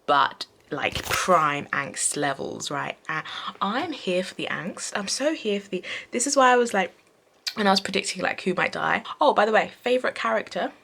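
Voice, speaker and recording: A young woman chatting casually in a reading vlog, rambling with many fillers and quick asides. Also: mid-range voice, animated, gravelly, a bit bright, a little hiss or hum. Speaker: book vlogger. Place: bedroom at night.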